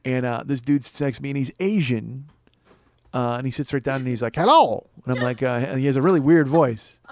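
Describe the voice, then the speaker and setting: A man in his forties hosting a podcast, telling a comedic story in a profane, ranting way that builds to loud exasperation. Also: medium pitch, a little fast, no room sound. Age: 40s. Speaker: podcast host.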